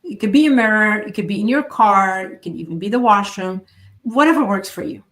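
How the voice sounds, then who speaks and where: Woman coaching with emphatic pauses. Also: mid-range voice, expressive, a bit bright. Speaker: podcast host. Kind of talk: solo motivational talk.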